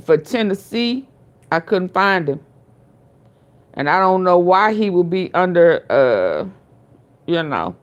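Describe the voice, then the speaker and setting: A woman's voice: fairly low pitch, lo-fi sound. A woman hosting her own show, casually commenting on a trial and reacting to a clip, often hesitating and repeating words.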